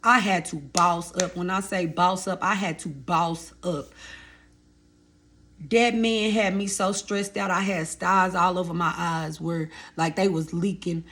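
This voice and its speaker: A woman in her thirties telling her own life story to viewers in a casual, animated way, often calling them y'all and baby. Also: lowish voice, a little slow, slight background noise.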